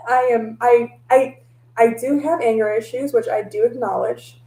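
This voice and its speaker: A woman telling stories in a casual vlog, animated and laughing often, slipping into voices for her own past lines. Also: fairly high pitch, a little fast, echoey room, rough recording. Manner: laughs often, mixes in mild cursing. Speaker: tarot reader and vlogger.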